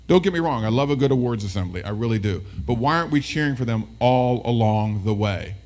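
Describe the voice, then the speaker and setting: A man giving a motivational presentation to educators as a keynote speaker, lively and talking with the audience, often acting out voices. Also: medium pitch, fast talker, hardly any pauses. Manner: animated, talks with the audience, acts out voices.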